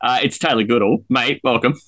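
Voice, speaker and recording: A man's voice: mid-range voice, brisk, a bit bright, no echo. An Australian man hosting a fantasy football podcast, chatting enthusiastically with mates. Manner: enthusiastic, matey banter. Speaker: podcast host. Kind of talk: casual chat.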